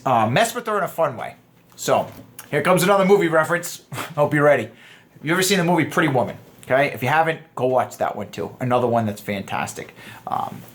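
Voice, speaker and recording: A man in his thirties giving a casual dating lesson, animated, acting out quoted lines in shifting voices. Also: mid-range voice. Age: 30s. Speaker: dating coach.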